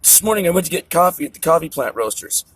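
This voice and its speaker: A man's voice: a little high, big pitch swings, quick pace, a bit bright, husky. A middle-aged man venting in an agitated, profane, tangent-jumping monologue to camera. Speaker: vlogger. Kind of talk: ranting monologue.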